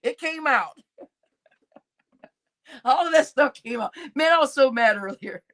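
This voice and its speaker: Hosting a laid-back livestream, a grown woman speaks in a high voice at a measured pace. She reads viewer comments with frequent laughs and curses, animatedly calling the chat "y'all."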